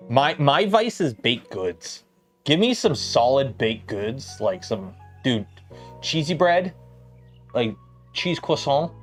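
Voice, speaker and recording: A man hosting a livestream, chatting in a rambling, filler-heavy way with plenty of "like" and "uh" while he works at his bench. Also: mid-range voice. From Canada. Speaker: livestream host. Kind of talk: casual livestream chat.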